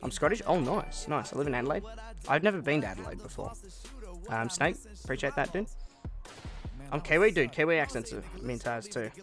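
Fast-talking young Australian man. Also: mid-range voice, animated, fairly bright tone, faint music behind. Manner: chatty, laid-back, peppers talk with "man" and "um". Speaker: gaming streamer. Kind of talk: casual live-stream chat reading viewer comments.

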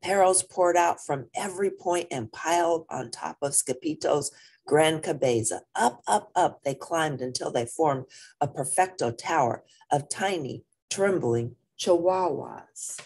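A woman reading a children's picture book aloud in an expressive, playful way. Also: sits low, unhurried, slightly rough. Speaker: storybook reader.

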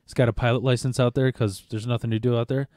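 A man's voice: medium pitch, little pitch movement, fast, a little mellow, dry recording, studio quality. A man hosting a podcast, telling a story in loose casual chat, swearing often and stammering through restarts. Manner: rambling, profane, stammers and restarts. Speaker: podcast host.

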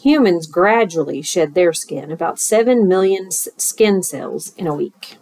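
Slow, expressive woman reading a picture book. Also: lowish voice. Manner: expressive, rhythmic, with asides to children. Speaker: teacher reading aloud. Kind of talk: storytime read-aloud.

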